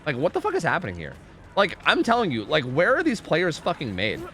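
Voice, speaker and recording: Lively laid-back male game streamer. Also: fairly high pitch, a little fast, a little hiss or hum. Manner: laid-back, swears often, chats with viewers. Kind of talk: casual live gameplay commentary.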